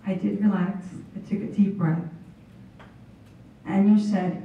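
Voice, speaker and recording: A woman's voice: mid-range voice, level tone, a little slow, pauses often. A woman in her thirties giving an emotional, unscripted thank-you speech as a student honoree. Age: 30s. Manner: heartfelt, emotional. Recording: echoey hall from far off, dull.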